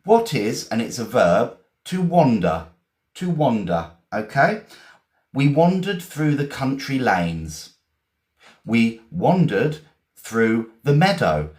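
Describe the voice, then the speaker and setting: A man from England with an English accent, teaching vocabulary in a chatty, encouraging way, repeating and spelling words slowly. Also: medium pitch, big pitch swings, a little mellow, reverberant. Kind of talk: live-streamed vocabulary lesson.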